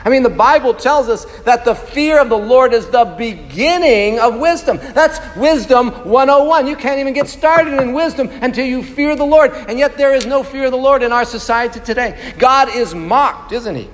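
A man preaching a sermon in a church, emphatic and full of rhetorical questions to the congregation. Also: very high voice. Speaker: pastor. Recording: long reverb of a large hall.

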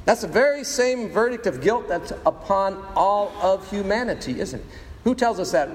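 High-voiced preaching man in a hall. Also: expressive, normal speed. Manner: dramatic preaching, rhetorical questions, sound effects. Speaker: pastor. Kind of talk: sermon.

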